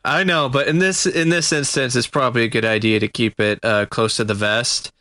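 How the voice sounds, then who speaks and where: Bright, smooth-voiced man hedging. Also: medium pitch, fairly even intonation, brisk, dry recording, studio quality. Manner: hesitant, many fillers. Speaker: podcast co-host. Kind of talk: casual chat.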